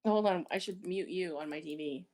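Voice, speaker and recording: A woman's voice: lowish voice, normal speed, a crowd in the background. A woman joining a game livestream through voice chat, talking casually and teasing the host. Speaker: guest in voice chat.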